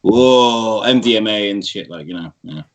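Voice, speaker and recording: A man's voice: lowish voice, expressive, normal speed. A British man talking as a guest in a casual podcast chat, blunt and sweary, laughing easily. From United Kingdom.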